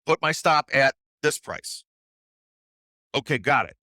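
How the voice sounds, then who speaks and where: A man voicing a scruffy, excitable male trader who shouts orders in sudden high bursts. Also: unhurried, dry recording, clean studio sound, exaggerated voice. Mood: excited.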